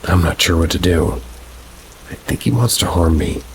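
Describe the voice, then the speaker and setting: Deep-voiced man reading slowly. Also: noisy background. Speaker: narrator. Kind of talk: scripted narration of submitted scary stories.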